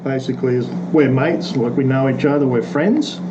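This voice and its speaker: A man with an Australian accent co-hosting a casual interview, talking in a relaxed, easygoing way. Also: mid-range voice, normal speed. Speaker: co-host. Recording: dull audio with clear background noise.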